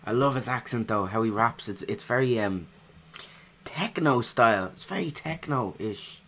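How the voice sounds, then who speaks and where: A man casually reacting to a rap track, excitable and swearing freely, often trailing off mid-thought. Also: medium pitch, a little slow. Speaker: reaction video host.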